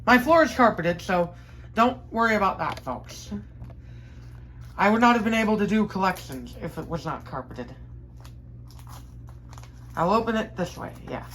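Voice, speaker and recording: A woman vlogging casually from her bedroom, chatty and enthusiastic, rambling with fillers and quick self-corrections as she unboxes collectibles. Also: medium pitch, expressive, a bit bright, a little hiss or hum, low-quality recording.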